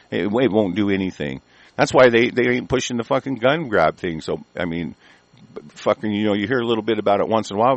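A man's voice: lowish voice, vocal fry, no room sound. A man hosting a talk show, ranting angrily with heavy swearing and stumbling restarts. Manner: angry, heavily profane, stumbling restarts. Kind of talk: profane political rant. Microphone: conference call line.

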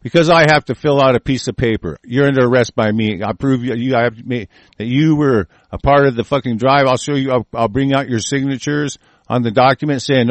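A man's voice: mid-range voice, steady tone, brisk, no room sound. A man delivering an angry, profane political rant, combative and swearing constantly. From United States.

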